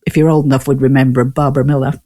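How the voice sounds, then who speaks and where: A woman's voice: a bass voice, little pitch movement, rapid-fire, dark tone. Chatty woman guest with a northern English accent; laughs a lot and rambles through stories. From Newcastle, England. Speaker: guest, ghost tour owner. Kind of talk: casual interview chat.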